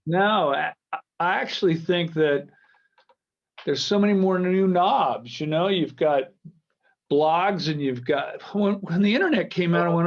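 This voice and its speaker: A man's voice: on the high side, unhurried. Joking American man on a dull call line. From United States. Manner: jokey, rambling, self-interrupting. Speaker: guitar company founder, guest. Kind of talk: casual video-call interview. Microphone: video call. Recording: dull lo-fi video-call audio.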